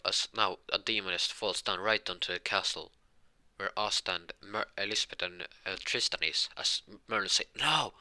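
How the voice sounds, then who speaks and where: A man's voice: low-pitched, sharp tone. A man telling a fan fiction story casually, rambling and correcting himself as he goes.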